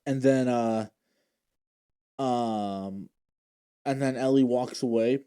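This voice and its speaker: A man's voice: mid-range voice, slow pace, warm tone, clean tone. A man recapping TV episodes in a casual, emotional way, often restarting his sentences as he retells scenes. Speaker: show recap vlogger. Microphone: handheld or desk mic he adjusts.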